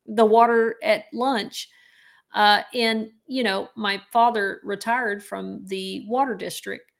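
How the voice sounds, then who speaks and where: A woman chatting casually on a podcast, talking through her points and laughing now and then. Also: fairly high pitch.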